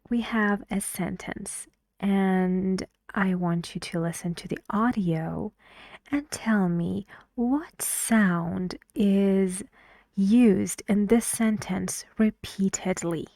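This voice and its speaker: Woman pronunciation teacher, unhurried and mellow, patient drills, dry close sound. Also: medium pitch, dry recording. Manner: patient, drills words aloud, repeats for emphasis. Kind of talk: language lesson.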